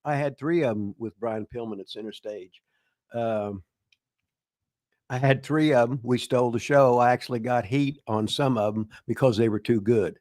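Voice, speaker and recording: A man's voice: medium pitch, moderate pace, darkish tone, dry recording. Older guy rambling thru wrestling stories, lots of uh's, dry close mic. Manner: rambling, frequent uh and restarts, laughs at his own stories. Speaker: host, veteran wrestler and former booker. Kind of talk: casual live Q&A storytelling.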